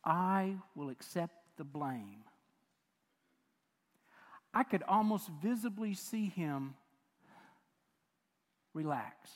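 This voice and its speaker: An older man preaching a sermon, telling a family story in an animated, self-mocking way with chuckles. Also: on the high side. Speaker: pastor. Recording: long reverb of a large hall.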